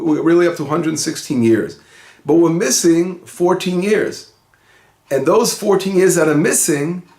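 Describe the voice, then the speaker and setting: A rabbi gives a relaxed Torah lesson with a slightly raised voice. He talks conversationally, restarts his sentences and leans on key words. The room around him echoes. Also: on the high side. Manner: conversational, with frequent restarts and rising emphasis. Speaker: rabbi teaching the weekly Torah portion.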